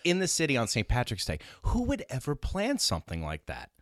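A man with a medium-pitched voice and a brisk delivery tells a long, profane story as a podcast storyteller, his New York-area speech rambling and animated. He drops into other people's voices when quoting them, and the studio-quality audio has no room sound.

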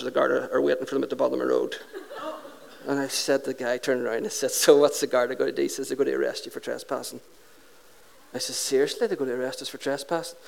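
A man, a pastor telling a lively story in a sermon and acting out the dialogue. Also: fairly high pitch, clean tone.

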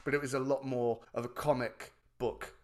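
A male podcast co-host chats animatedly about films in a casual conversation, swearing freely. His voice has a medium pitch, a flat delivery, and a moderate pace.

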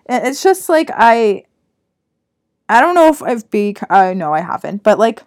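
A woman's voice: medium pitch, very animated, normal speed. A young woman, co-hosting a casual podcast chat and rambling through stories while acting out the people in them. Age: young adult. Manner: rambling storyteller, acts out quoted voices. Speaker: podcast co-host.

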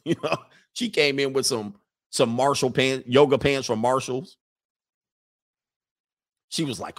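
A man's voice: medium pitch, measured pace, long pauses. A man riffing casually and comically as a streamer reading viewer comments, slangy and crude, breaking into laughter often.

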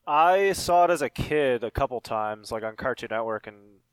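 A man's voice: mid-range voice, animated, normal speed, clean tone. A man on a casual podcast panel, hesitant and full of fillers as he recalls things. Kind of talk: casual chat.

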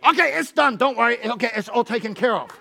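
Brisk businessman with a put-on chinese accent, a preacher doing the voice, high and gravelly. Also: expressive, sharp tone, a faint crowd, full character voice.

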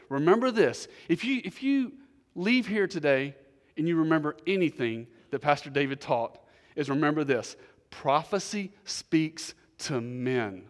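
Emphatic preaching man in a reverberant hall. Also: a little high. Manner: emphatic preaching, repeats key phrases, swings between loud stresses and quiet asides. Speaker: pastor. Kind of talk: sermon. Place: church.

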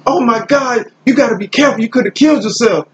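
A man voicing a worried, doting girlfriend in a higher voice than his own. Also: fast, highs cut off, a little hiss or hum. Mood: fretful. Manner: fussy, worried. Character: fretting girlfriend, anxious and doting.

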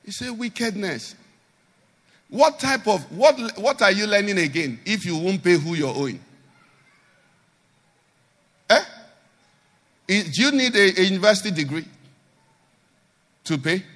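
Animated male pastor, bright and high-pitched, preaching with rhetorical questions. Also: unhurried, pauses often, in a large hall. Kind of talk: sermon.

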